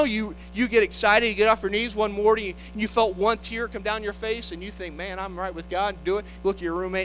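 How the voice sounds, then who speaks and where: A man's voice: high voice, sharp tone, rough recording. A man preaching a sermon, impassioned, acting out the voices he quotes.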